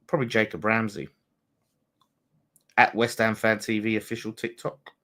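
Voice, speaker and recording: Excitable man reacting to football. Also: lowish voice, normal speed. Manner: excitable, swearing, banter with viewers. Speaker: fan channel host. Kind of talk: live match watchalong commentary.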